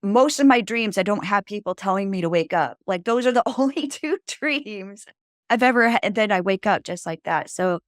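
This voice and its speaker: A woman's voice: medium pitch, expressive, normal speed, no room sound, clean studio sound. A woman guest on a podcast, telling a personal story in a rambling, casual way, full of "like" and "you know.".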